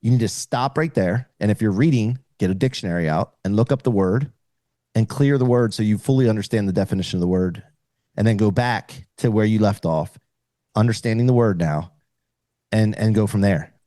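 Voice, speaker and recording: A man's voice: on the low side, a little fast, warm tone, dry recording. A middle-aged man speaking as a podcast guest, explaining earnestly in casual conversation with frequent restarts.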